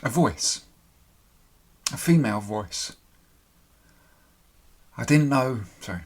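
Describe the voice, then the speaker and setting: Male storyteller, mid-pitched, emotional halting delivery, pauses and restarts, candid personal account. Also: expressive, a little mellow, husky. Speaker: storyteller recounting his own experience.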